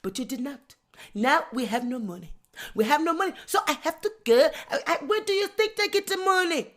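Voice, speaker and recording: A woman playing a sheepish middle-aged African husband with a put-on West African French accent, who mumbles low, evasive answers. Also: animated, a little fast. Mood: pleading.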